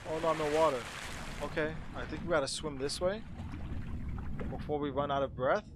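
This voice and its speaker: A man playing a horror game and commenting to himself in a jumpy, excitable way, with game music behind him. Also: on the high side, a little fast, a little hiss or hum. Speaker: gaming channel host. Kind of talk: let's play commentary.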